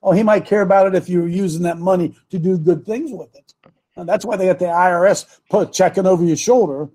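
A man hosting a preaching talk show into a studio microphone. He talks emphatically, repeats his lines and slows right down to hammer his points. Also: high voice, warm tone.

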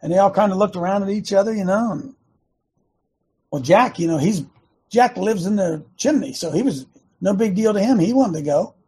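A man hosting an online show, talking fast and emphatically, repeating words in bursts. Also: high voice, lively intonation, warm tone, breathy edge. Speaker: host of an online activist show. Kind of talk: fast casual preaching talk.

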